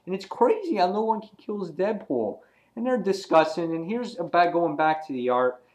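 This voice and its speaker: Excitable man rambling through a review. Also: high voice, normal speed. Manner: excitable, rambling, many "he's like" asides. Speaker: comic book reviewer. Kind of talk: casual spoken review.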